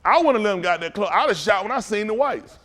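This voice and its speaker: A man preaching as a pastor in a fiery talk, swinging from low mutters to loud outbursts. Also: lively intonation, fast talker.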